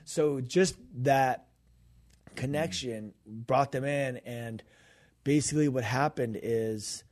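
An adult man, a grown pastor's kid who now co-hosts a faith podcast and serves as a minister, tells a story in casual chat. His mid-range voice is slow and darkish in tone, and he acts out the quoted dialogue.

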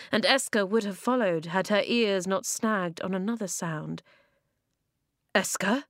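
A woman reads a children's fantasy novel aloud in a middle-pitched voice, close to the microphone in a dry, dead room. Her storytelling is expressive, and she throws her voice up high and loud when the characters call out. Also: dry recording. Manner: expressive, acts out dialogue with sharp jumps in pitch and volume. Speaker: narrator.

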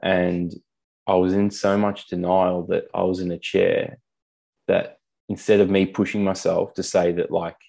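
A man's voice: low-pitched, level tone, a little slow, creaky, dark tone. A young man speaking candidly as a podcast guest, blunt, swearing casually and calling people mate. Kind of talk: candid conversational storytelling.

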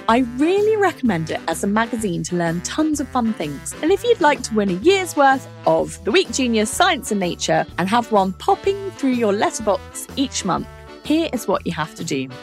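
A woman hosting a children's science podcast, explaining things to young listeners in a playful, animated way. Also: a little high.

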